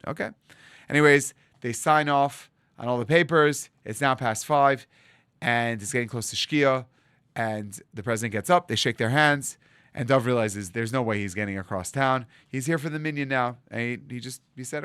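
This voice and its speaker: Rabbi telling a story, dry close sound. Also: male voice, medium pitch, moderate pace, clean tone, dry recording. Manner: animated storyteller acting out dialogue. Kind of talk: storytelling sermon.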